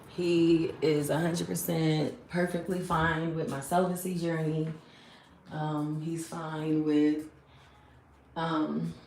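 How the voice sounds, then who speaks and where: A woman's voice: deep voice, vocal fry, a little mellow, reverberant, a little hiss or hum. A woman in her thirties chatting casually to a phone camera, rambling and laughing often. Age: 30s. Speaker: vlogger.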